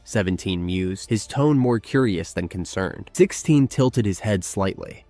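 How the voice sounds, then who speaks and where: A man reading a scripted story narration in a measured, steady way. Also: on the low side, no room sound.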